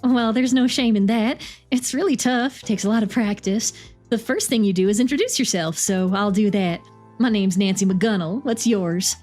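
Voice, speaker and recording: A woman's voice: medium pitch, normal speed, faint music behind, close to an everyday voice. A woman voicing a friendly, chatty older woman with an American Southern accent. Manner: warm, chatty, welcoming. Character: cheerful older woman on the phone.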